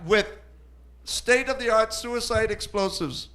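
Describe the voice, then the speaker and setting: A man's voice: takes it slowly, pushed and bright, full character voice. A man playing a panicked villain who shrieks like a teenage girl, in a vague put-on foreign accent. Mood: furious. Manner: shrill, hysterical, pouty. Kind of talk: stand-up bit.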